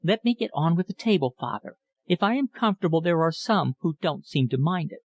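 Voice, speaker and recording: A man's voice: on the high side, animated, fairly quick, dull audio, pitched above the performer's own voice. A man reading an audiobook voicing a plump, teasing young woman who bosses her family about. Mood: bossy.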